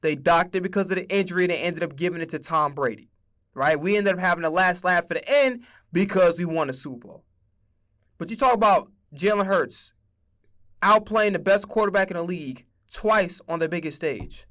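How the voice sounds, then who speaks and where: Young man, high-pitched voice, animated, swearing, casual sports rant on stream. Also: fairly quick. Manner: animated, profane, emphatic.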